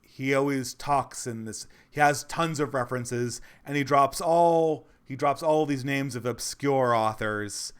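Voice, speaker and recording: A man mimicking a smug, dismissive male critic in a mocking, slow and emphatic voice. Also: medium pitch, clean tone, natural voice. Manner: mocking, slower and louder than his own talk.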